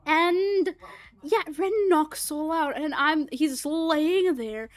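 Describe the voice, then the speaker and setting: A young woman livestreaming, telling a rambling, animated story full of fillers, swearing and laughter. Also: high-pitched, takes it slowly. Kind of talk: casual storytelling chat.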